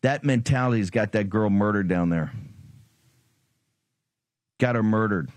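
A man's voice: on the low side, measured pace, no echo. Sarcastic, combative male political host in a dry, close studio sound, taunting his opponents. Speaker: political talk show host.

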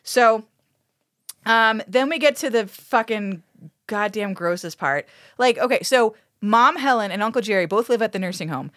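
Profane, animated woman recapping a show. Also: mid-range voice, normal speed, no room sound, studio quality. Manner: profane, animated, acts out characters' lines. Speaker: podcast co-host. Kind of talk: casual podcast recap chat.

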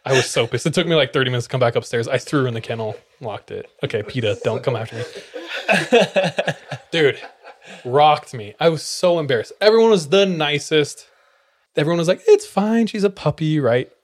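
A young man hosts a podcast and tells a personal story in loose, casual chat. His voice sits at an ordinary middle pitch. He laughs through his own lines and swears freely. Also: a little fast. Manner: laughs often while telling. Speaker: podcast host.

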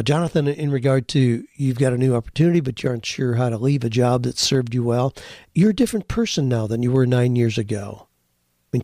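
An older man hosts an advice podcast, answering listeners earnestly in a folksy, encouraging manner and weaving in stories as he goes. His voice is mid-range and a little mellow. The recording is studio quality with no echo.

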